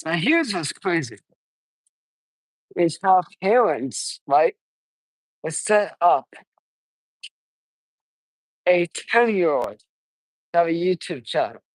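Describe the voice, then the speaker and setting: An eighteen-year-old man vlogging on a casual walk outdoors, talking quietly and rambling with halting restarts, recorded on wireless earbuds. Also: on the high side, big pitch swings, no room sound, poor audio. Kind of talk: casual walking vlog.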